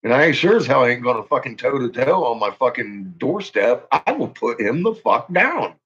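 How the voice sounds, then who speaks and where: A man's voice: medium pitch, sing-song, moderate pace, a bit bright, slightly rough, highs cut off. A man ranting angrily on his channel, swearing constantly and making heated threats. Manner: profane, heated, swaggering threats. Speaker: YouTuber. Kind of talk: angry ranting vlog.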